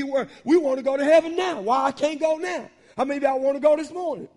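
A male pastor preaching a sermon in a church, colloquial and animated, teasing the congregation. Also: very high voice, quick pace, few pauses. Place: church sanctuary. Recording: long hall reverb.

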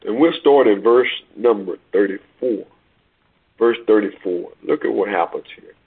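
Man, preacher, lowish husky voice, slow emphatic delivery, tinny lo-fi recording. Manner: slow emphatic preaching, repeats words, stretches key phrases. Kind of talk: sermon with scripture reading.

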